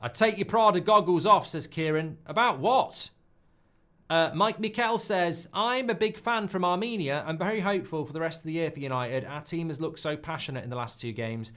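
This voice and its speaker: A man hosting a live football watchalong, reacting loudly to goals and swearing freely. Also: on the high side, moderate pace. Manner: excitable, swears, shouts at goals. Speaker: watchalong host.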